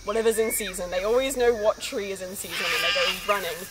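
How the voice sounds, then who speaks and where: A woman's voice: medium pitch, fast talker, heavy background noise. A young woman giving a chatty, enthusiastic vlog tour of her orchard outdoors. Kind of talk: casual vlog narration. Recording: background music under the voice.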